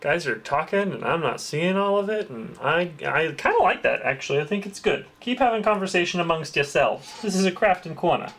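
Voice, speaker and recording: A man's voice: high voice, lively intonation, fairly quick, hardly any pauses, a bit bright. A man hosting a crafting livestream, chatting casually and answering his chat as he works. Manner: chatty, reads and greets chat, swears lightly.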